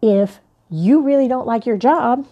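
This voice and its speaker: A young adult woman, a life coach, telling a personal story in an animated, playful way. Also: fairly high pitch, measured pace, highs cut off.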